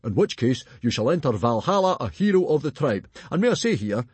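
A man voicing a blustering, hearty Viking chief who talks with booming enthusiasm. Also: big pitch swings, a little fast, a little mellow, slightly rough, dry recording. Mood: solemn.

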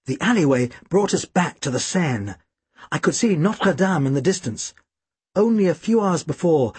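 A man reading an adventure story aloud as narrator, animated and expressive, acting out the dialogue. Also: a little high, breathy edge, no room sound. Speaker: audiobook narrator.

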